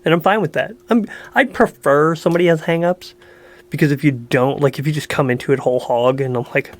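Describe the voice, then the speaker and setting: A man's voice: a little high, fairly quick. A man co-hosting a podcast, talking bluntly and profanely in casual chat, laughing often. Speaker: podcast co-host.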